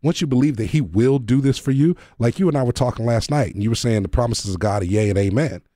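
A man hosting a faith-based talk show, explaining ideas with examples and pressing his guest to slow down and repeat key points. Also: mid-range voice, mellow, no echo, clean studio sound. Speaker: podcast host.

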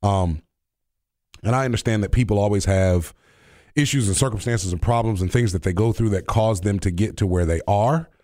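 A man's voice: fairly low pitch, moderate pace, darkish tone, no room sound, studio quality. A young man hosting a radio talk show in casual, playful chat, laughing often and joking about himself. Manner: playful, laughs often, jokey self-mocking asides.

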